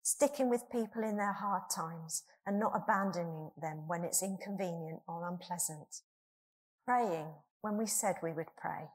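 A woman's voice: on the low side, a little slow. A middle-aged woman preaching a sermon to her church, earnest and asking the congregation questions.

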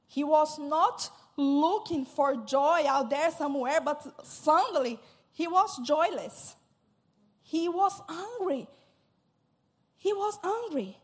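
A woman preacher delivers a sermon with a high voice. She talks slowly and earnestly, often stopping to repeat or restart a word before pressing on.

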